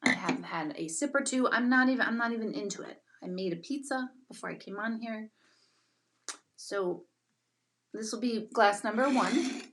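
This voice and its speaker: A woman's voice: a little high, normal speed, a bit bright. A middle-aged woman ranting casually on a live stream. She talks emphatically and mocks herself, with frequent laughter. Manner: emphatic, self-mocking, laughs often. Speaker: intuitive and meditation teacher hosting a live stream.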